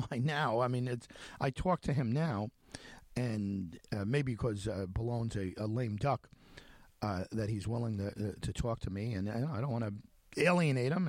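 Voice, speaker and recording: A radio host telling a story in a monologue, speaking animatedly with many restarts and acting out the quoted conversations. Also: male voice, medium pitch, no echo. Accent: Long Island.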